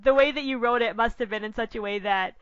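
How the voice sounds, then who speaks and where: A woman's voice: on the high side, fast talker, clean tone, dry recording. A woman interviewer chatting casually, eager and affirming. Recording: dry, dull lo-fi recording.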